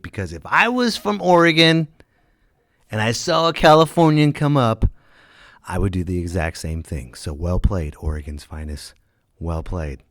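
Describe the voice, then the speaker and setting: A stand-up comedian with a fairly low voice spins road stories in a loose, chatty monologue on his own comedy podcast. He keeps breaking into loud, animated impressions of the people involved, and the sound is close and dry with no echo or room around it.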